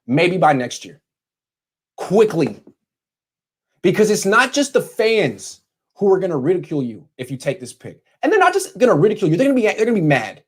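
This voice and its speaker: Sarcastic male vlogger, scolding and mocking, lively swinging pitch, bedroom setup. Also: fairly quick, breathy edge. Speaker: sports commentator. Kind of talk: sarcastic vlog rant.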